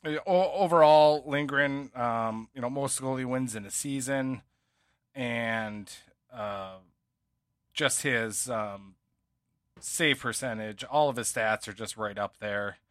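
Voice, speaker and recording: A man's voice: mid-range voice, takes it slowly, a bit bright, no room sound, clean studio sound. A man co-hosting a sports podcast, talking casually and rambling with many fillers and restarts. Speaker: podcast co-host.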